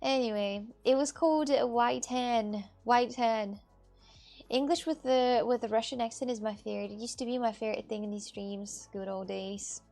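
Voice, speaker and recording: Woman reading her stream chat out loud, kinda teasing, a little high and gravelly. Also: fairly even intonation, normal speed, soft background music. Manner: chatty, answers viewer messages, teasing. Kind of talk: casual live-stream chat.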